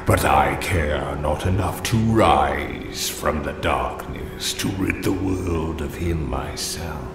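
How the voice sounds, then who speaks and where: Lofty male flame spirit, extremely deep, gravelly, solemn and archaic, echoey game recording. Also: slow pace, hardly any pauses, over music, heavily acted. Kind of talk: game voice acting. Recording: echoey with loud background noise.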